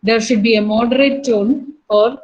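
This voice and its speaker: A woman teacher with an Indian English accent, giving a lecture to a college class. She explains slowly, repeats herself and uses many fillers. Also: on the high side, fairly even intonation, a little mellow, dull audio.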